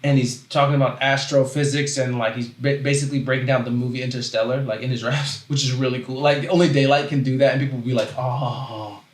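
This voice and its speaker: A man hosting a casual livestream, talking in loose rambling runs that keep breaking off and restarting, then stopping to read chat out loud. His voice sits at an ordinary middle pitch. The sound has a roomy echo around it. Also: fast talker, few pauses. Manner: rambling, self-interrupting, animated, reads chat aloud. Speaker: host.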